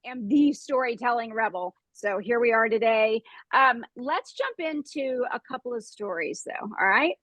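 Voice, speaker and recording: High, enthusiastic woman host. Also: animated, a bit bright, no echo, low-quality recording. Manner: enthusiastic, quick to praise. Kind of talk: hosting a casual chat on a video call. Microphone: video call.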